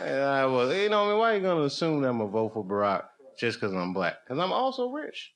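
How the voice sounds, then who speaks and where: A man telling a rambling stand-up story into a handheld mic on a comedy club stage, at a medium pitch. His delivery swings between low, half-muttered asides and loud, excited bursts. The live recording is noisy, with clicks and audience laughter behind him. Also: fast talker.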